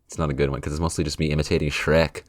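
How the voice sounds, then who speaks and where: A man's voice: a bass voice, level tone, very fast, no echo, clean studio sound. A young man hosting a podcast, chatting casually with many fillers and restarts while trying out accent impressions. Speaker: podcast host.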